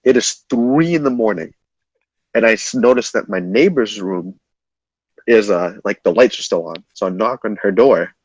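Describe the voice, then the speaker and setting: A young man casually telling a wild story to his chat, animated and swearing freely. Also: fairly low pitch, husky, dry recording, low-quality recording. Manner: animated, swearing, quick retelling.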